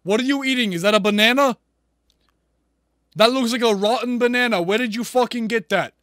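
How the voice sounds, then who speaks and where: Brash, profane high-voiced man. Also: a little fast, a bit bright, no room sound, clean studio sound. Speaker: comedic persona on random video chat. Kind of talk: prank video-chat comedy. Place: indoors at a desk. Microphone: computer microphone on video chat.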